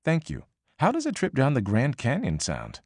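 A man's voice: mid-range voice, moderate pace, no room sound, studio quality, voice pushed up. A man doing a polished female newscaster-style program voice. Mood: politely inquisitive. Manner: polite, even, scripted questioning.

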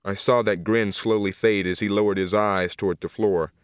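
A man narrates a first-person story in an unhurried, grave way. His voice sits on the low side, and the recording is dry and close, with no room sound. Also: fairly even intonation, no echo. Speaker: audiobook narrator.

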